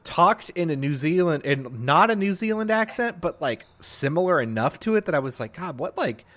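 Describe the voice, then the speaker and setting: A man's voice: a little high, animated, normal speed, a bit bright. A man from South Texas, co-hosting a podcast in casual chat and telling rambling stories full of "like". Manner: rambling, loose storytelling with frequent "like". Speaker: podcast co-host.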